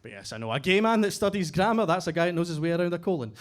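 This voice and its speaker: A man's voice: high voice, racing, a little hiss or hum. Glaswegian man doing crude stand-up. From Scotland. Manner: deadpan, crude punchlines. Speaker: stand-up comedian. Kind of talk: stand-up comedy set. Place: basement comedy club. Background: audience laughter.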